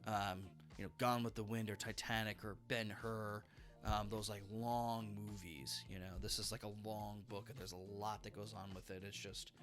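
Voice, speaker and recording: Chatty low-voiced man reviewing books. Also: flat delivery, moderate pace, fairly bright tone, soft background music. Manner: chatty, many fillers, enthusiastic. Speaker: book reviewer. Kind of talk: casual book review.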